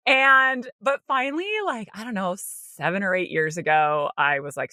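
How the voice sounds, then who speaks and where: A woman co-hosting a podcast, telling a personal story in a casual, animated way, acting out her own inner voice with light laughs and lots of "like". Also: medium pitch, normal speed, few pauses, dry recording, clean studio sound. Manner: frequent light laughter and "like" fillers. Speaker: podcast co-host.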